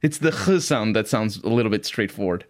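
A man's voice: fairly low pitch, animated, a little fast. A man in casual chat who speaks English as a second language and laughs often. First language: not English.

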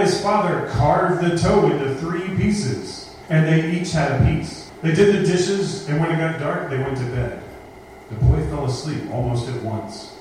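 A man's voice: fairly high pitch, a little mellow. A man hosting a spoken word event, reading a scary story aloud and groaning the monster's lines. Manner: dramatic groaning voices for the monster. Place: live event space. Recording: echoey room from far off with noise.

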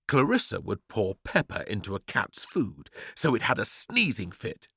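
A man reading a children's story with a playful, theatrical flair. His voice sits a little low but leaps around constantly. The sound is dry and close. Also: huge pitch swings, normal speed, creaky, fairly bright tone, breathy edge, no echo. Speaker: narrator.

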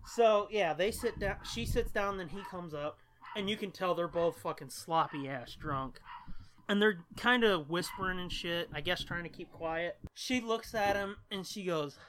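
A man's voice: sits high, unhurried, fairly bright tone, slight background noise. A man co-hosting a podcast, rambling through a story with lots of swearing and laughter. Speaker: podcast co-host. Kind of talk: casual storytelling chat.

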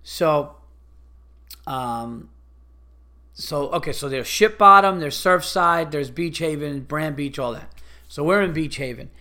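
A young man tells a story on his podcast, his voice sitting a little higher than most men's. He talks casually and swears often, and he keeps getting more exasperated as he goes. He drops into quick little impressions of the people he's talking about. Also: sharp tone. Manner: profane, exasperated, mimics others in quick asides. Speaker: podcast host.

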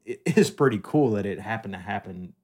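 A man's voice: fairly low pitch, expressive, a little fast, darkish tone. A man hosting his podcast in casual chat, joking with a dry, sarcastic tone into a studio microphone. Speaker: podcast host.

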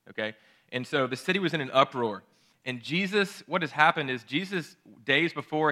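Bright-voiced man preaching a sermon. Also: mid-range voice. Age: late 30s. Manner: earnest, excitable, restarts phrases often. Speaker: pastor.

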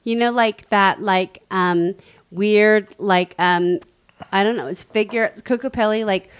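A woman's voice: medium pitch, measured pace, smooth. A woman co-hosting a casual talk show, speaking hesitantly with lots of fillers. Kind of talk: casual chat.

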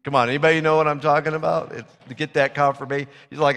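A man's voice: fairly high pitch, level tone, fast talker, hardly any pauses, a bit bright. A man preaching a sermon, retelling a Bible story in a casual, conversational way and acting out the characters' lines. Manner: storytelling, conversational, acts out biblical dialogue. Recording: reverberant hall.

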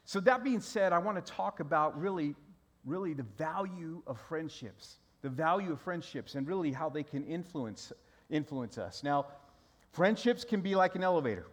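A man's voice: fairly high pitch, animated, moderate pace. A middle-aged man, preaching a sermon in a loose storytelling way, often restarting his sentences. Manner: conversational storytelling with repeated restarts. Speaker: pastor.

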